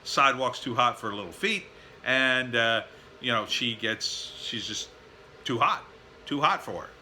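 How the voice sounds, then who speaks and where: A man tells a casual, rambling story at home, his voice strikingly bright and sharp at a middling pitch. He fills his talk with uh's and weary asides. A faint background ambience hums behind him. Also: animated, measured pace, slight background noise. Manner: rambling, with many fillers and tired sighing asides. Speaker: vlogger. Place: at home, backyard and indoors.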